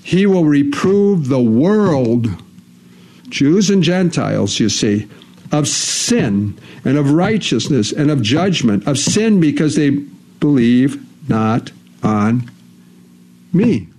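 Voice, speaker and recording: A man delivering a sermon in a somewhat high voice. He reads scripture aloud and repeats phrases for emphasis. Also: big pitch swings, takes it slowly, darkish tone. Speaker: preacher.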